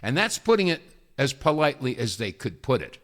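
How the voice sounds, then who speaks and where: A man's voice: medium pitch, big pitch swings, fairly quick, a bit bright. A man hosting a talk radio show, delivering an emphatic, opinionated monologue with folksy asides and repeated phrases.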